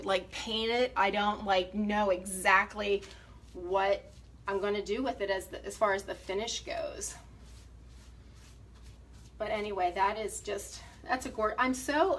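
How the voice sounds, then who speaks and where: A woman's voice: mid-range voice, a bit bright. A woman who refinishes furniture, chatting casually and enthusiastically to viewers through a phone camera while she paints, a little out of breath. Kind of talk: casual how-to painting demonstration.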